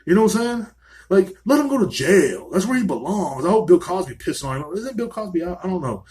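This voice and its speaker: A man's voice: high voice, sing-song, fairly quick, darkish tone. A man hosting a solo podcast, ranting angrily and swearing constantly from a small room. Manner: angry, profane ranting. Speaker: podcast host.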